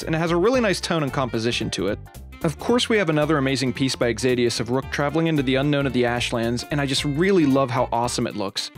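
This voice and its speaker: An upbeat man narrates a game adventure like a dramatic tale, his voice sitting at an ordinary middle pitch. Faint music plays softly behind him. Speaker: channel host and narrator. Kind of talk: storytelling narration of a game playthrough.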